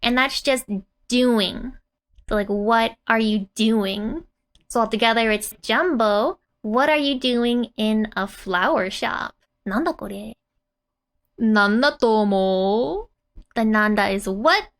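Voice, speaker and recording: Speaking slowly in a slightly high, fairly bright voice, a woman gives a laid-back lesson on manga dialogue. She chats and giggles throughout, often dropping in "like".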